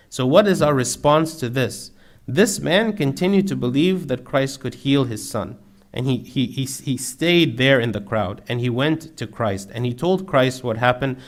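Guy giving a sermon, earnest and steady, keeps stacking repeated phrases for emphasis. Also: medium pitch. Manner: earnest, building emphasis with repetition. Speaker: preacher.

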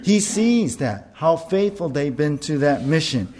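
A male pastor preaching a sermon, earnest and deliberate, with emphatic rises on key words. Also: fairly high pitch, animated, dark tone, a little hiss or hum.

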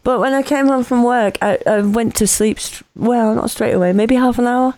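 A woman's voice: a little high, normal speed, a little mellow, no room sound. A woman chatting casually as a podcast co-host, dropping wry jokes and laughing often. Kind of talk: casual chat.

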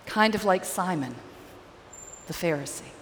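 A woman pastor preaching a sermon, telling a story in an earnest, deliberate way. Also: fairly low pitch, animated, big-room sound, a little hiss or hum.

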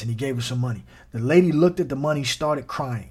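A man hosting a sermon podcast, preaching in an animated, folksy way and talking straight to his listeners. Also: mid-range voice, brisk, hardly any pauses, breathy edge.

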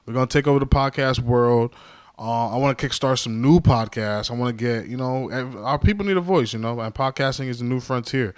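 A man's voice: mid-range voice, a little fast, clean tone, dry recording, clean studio sound. A man hosting a podcast alone, rambling in a casual, jokey and self-mocking way. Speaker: podcast host. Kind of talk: casual solo podcast monologue.

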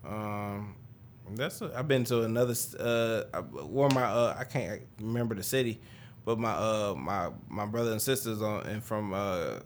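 A man's voice: lowish voice, normal speed, a little hiss or hum. A young man from Detroit in casual chat, telling rambling stories in a slangy way. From Detroit, Michigan.

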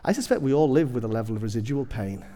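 A man's voice: mid-range voice, animated, quick pace, dark tone, big-room sound. A man preaching a sermon, telling humorous personal stories with self-deprecating asides.

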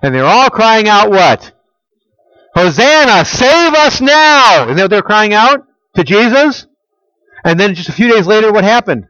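A man preaching a sermon. He keeps asking the listeners rhetorical questions and swings between loud emphasis and quiet, intimate prayer-like tones. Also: high voice, expressive, normal speed, highs cut off. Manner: asks the audience rhetorical questions. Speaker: pastor.

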